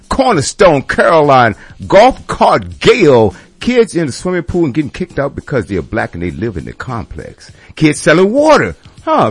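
A man's voice: a little high, breathy edge, no room sound. A male radio host delivering an indignant, sarcastic rant with many exclamations. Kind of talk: ranting commentary.

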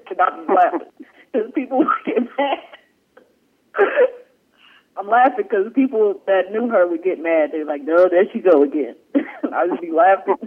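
A man's voice: sits high, lively intonation, takes it slowly, long pauses. Man on tinny radio, rambling and laughing. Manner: rambling, laughing, playful storytelling. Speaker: radio co-host. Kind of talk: joking radio chat. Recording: tinny phone-like radio audio.

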